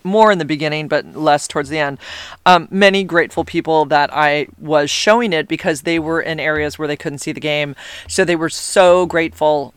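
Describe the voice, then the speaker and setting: A woman's voice: sits low, clear, resonant tone, dry recording. A middle-aged woman telling a story casually to her audience, gushing and rambling with many fillers. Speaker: vlogger, mother.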